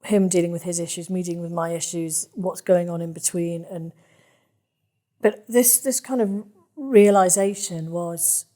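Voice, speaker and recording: A woman speaking emotionally with her therapist, halting and searching for words. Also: on the low side, steady tone, dark tone. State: emotional, near tears. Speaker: therapy client.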